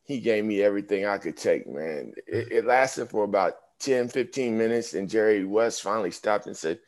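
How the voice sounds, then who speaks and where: A man's voice: lowish voice, normal speed, hardly any pauses. A man in his fifties, a former pro basketball player, telling stories in a casual interview and acting out the voices of people he quotes. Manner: animated storyteller, acts out quoted voices.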